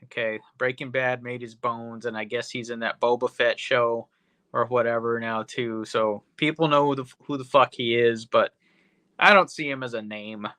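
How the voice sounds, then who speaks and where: A man's voice: medium pitch, steady tone, normal speed, bright, forceful tone, smooth, no echo. A man hosting a podcast, recapping a movie in a rambling, profane, casual way full of "you know". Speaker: podcast host.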